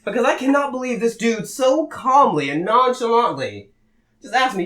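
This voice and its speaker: Podcast host, male, animated storyteller with a bright, lively delivery. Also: very high-pitched, moderate pace. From Massachusetts. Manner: animated, acts out voices in his stories. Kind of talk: casual storytelling chat.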